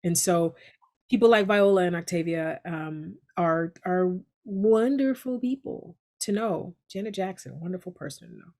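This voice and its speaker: A middle-aged woman, an actress, chatting casually in an interview, lively and prone to laughter. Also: fairly low pitch, normal speed. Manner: lively and laughing, with frequent restarts. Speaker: actress guest.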